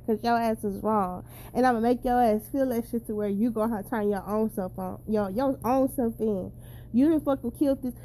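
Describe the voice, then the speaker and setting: A woman's voice: a little high, mellow, a little hiss or hum. A woman talking casually and bluntly to her viewers, swearing freely and preaching hard about how people should treat their children. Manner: blunt, profane and preachy, addressing viewers directly. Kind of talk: casual straight-to-camera rant.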